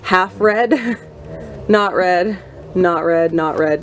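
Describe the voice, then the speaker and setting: A young woman book vlogger chatting to camera at home among her bookshelves, self-mocking and quick to laugh. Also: lowish voice, faint music behind. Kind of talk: casual chat to camera. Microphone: camera mic.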